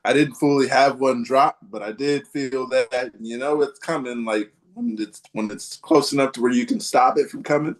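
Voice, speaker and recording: A man's voice: medium pitch, steady tone, normal speed, hardly any pauses. A man hosting a casual live podcast chat, rambling and hesitant, with many ums and restarts. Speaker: podcast host.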